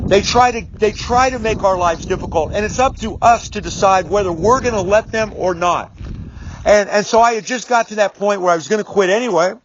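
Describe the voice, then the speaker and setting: A middle-aged man with a high voice for his sex tells a personal story to camera in a casual, rambling way, restarting sentences and swearing mildly. He drives his points home with firm repetition. The recording sounds dull and lo-fi. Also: slight background noise. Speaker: business speaker. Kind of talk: storytelling video monologue.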